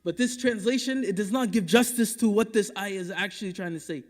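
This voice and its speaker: A man from Dallas giving a Friday sermon as imam, impassioned and rhetorical, rising to loud urging and dropping to hushed asides, reciting Quranic Arabic quickly between English explanations. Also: high voice. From Dallas, Texas. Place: mosque prayer hall. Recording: long reverb of a mosque hall.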